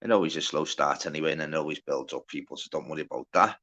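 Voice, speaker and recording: A man's voice: very deep voice, very fast, pushed and bright. A man hosting a casual livestream, reading out the chat, greeting viewers by name and bantering with plenty of swearing. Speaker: livestream host.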